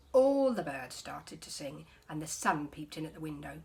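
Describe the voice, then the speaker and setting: A woman teacher reading a picture book aloud to her class, expressive, with soft whispered passages. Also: sits low, moderate pace, vocal fry, few pauses, a little hiss or hum.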